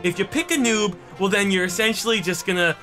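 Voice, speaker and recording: A man giving comedic gameplay commentary, excitable and mock-serious with crude jokes. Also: high voice, brisk. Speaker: gaming commentator. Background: background music.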